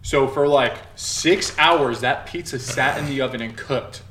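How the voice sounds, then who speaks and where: A man's voice: mid-range voice, a little slow, fairly bright tone. A man in his twenties telling a laid-back, profane story in casual chat with friends. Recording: roomy mic with faint noise.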